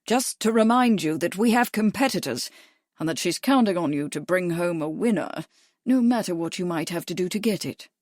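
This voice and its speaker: A woman's voice: on the low side, animated, normal speed, darkish tone, dry recording, studio quality. A woman voicing a jovial, ingratiating middle-aged male racing manager in a storybook reading. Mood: smooth, soothing. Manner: affably ingratiating.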